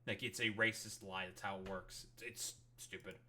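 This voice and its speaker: A man's voice: sits low, fairly even intonation, normal speed, bright, forceful tone, slight background noise. A man streaming, ranting angrily with constant swearing while reacting to a political clip.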